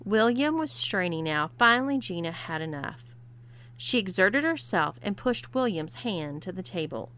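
A woman narrating a written story with an expressive, steady delivery. Her voice sits in a middle range for a woman. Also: mid-range voice, normal speed.

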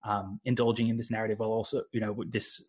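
A man's voice: fairly low pitch, level tone, quick pace, slightly rough. A man discussing a film in casual conversation, thoughtful and hesitant, building his points with restarts. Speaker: film podcast panelist.

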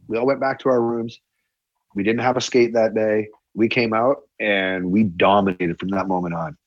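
Man telling a lively story, dry dull sound. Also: fairly low pitch, fairly quick, no room sound. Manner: animated, acts out quotes with a raised voice. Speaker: former hockey player. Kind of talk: casual storytelling.

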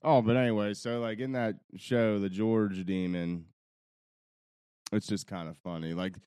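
A man's voice: fairly low pitch, fairly even intonation, a little slow, warm tone, clean tone. A young man co-hosting a podcast, chatting casually, rambling with frequent laughs and swearing. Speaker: podcast co-host. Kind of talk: casual chat.

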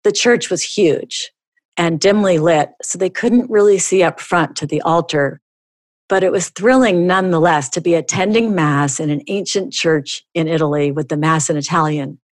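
A middle-aged woman hosting a podcast, reading a comic story aloud with animated storytelling and sudden high jumps for dialogue. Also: normal speed, no echo. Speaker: podcast host.

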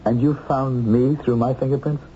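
An actor playing an unmasked fugitive who is quiet, composed and resigned, on a dull old TV soundtrack. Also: male voice, mid-range voice, steady tone, moderate pace, a little hiss or hum, close to an everyday voice.

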